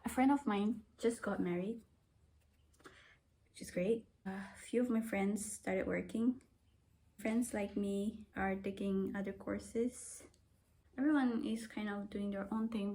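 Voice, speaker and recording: A woman's voice: medium pitch, darkish tone. A woman in her twenties with an accent that mixes British and Australian, rambling and self-deprecating as she talks to her own camera. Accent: mixed British and Australian. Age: 20s. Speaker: vlogger. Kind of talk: casual rambling vlog.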